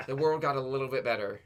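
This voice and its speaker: A man's voice: medium pitch, fairly bright tone. A man co-hosting a podcast, making wry, sarcastic jokes in a casual chat. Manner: wry, joking, sarcastic asides. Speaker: podcast co-host.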